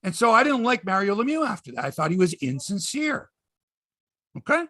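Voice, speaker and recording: A man's voice: high-pitched, sing-song, fairly quick, pushed and bright, no room sound, clean studio sound. A man hosting a sports podcast, ranting in casual chat, swearing and acting out quotes in voices.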